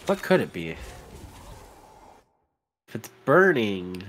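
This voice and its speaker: Animated laughing man in game banter. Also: lowish voice, takes it slowly, a little hiss or hum. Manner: laughs often, rambling, animated reactions. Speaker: gameplay co-host. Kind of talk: casual let's-play banter.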